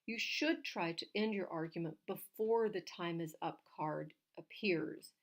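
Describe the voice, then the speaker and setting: A woman, a legal writing instructor, giving clear, direct numbered tips on oral argument. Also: fairly low pitch, a little slow.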